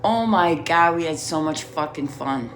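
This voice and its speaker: A woman's voice: deep voice, expressive, unhurried, slight background noise. A middle-aged woman telling a rambling personal story in a casual, profane way, laughing often. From Chicago area.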